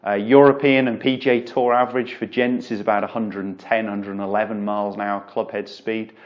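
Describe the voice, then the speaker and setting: A man's voice: lowish voice, fairly quick. Chatty male golf coach. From England. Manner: relaxed, chatty explanation with frequent fillers. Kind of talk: instructional video lesson.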